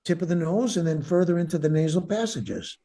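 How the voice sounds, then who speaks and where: An older man, a breathwork teacher, calmly leads a guided breathing meditation, repeating his cues as he goes. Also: on the high side, fairly quick. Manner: calm, instructive, repeats cues.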